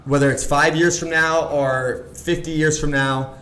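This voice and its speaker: A man in his thirties telling a story on a podcast as a guest, animated and full of "like", acting out the voices of people he quotes. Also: on the high side, unhurried, roomy sound. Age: 30s. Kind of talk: casual storytelling chat.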